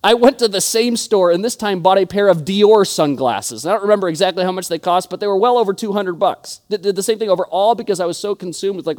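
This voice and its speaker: With a high-sitting, darkish voice, a young male pastor preaches fast and hardly pauses. He tells his stories earnestly but often starts his words over.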